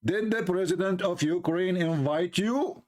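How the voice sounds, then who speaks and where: A man comments mockingly on a clip, needling and repeating his point in halting English. His voice sits a little higher than most men's. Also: darkish tone. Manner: sarcastic, repetitive, in halting English.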